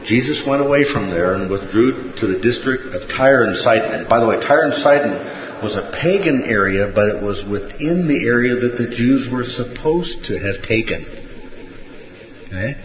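A man with a medium-pitched, expressive voice teaches a Bible study at normal speed. He keeps it conversational, asking rhetorical questions and often checking in with "okay?" The recording sounds muffled and roomy.

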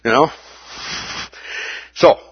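A man teaching a sermon on a Bible passage, animated, with playful asides and acted-out exclamations. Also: extremely slow, no echo, highs cut off.

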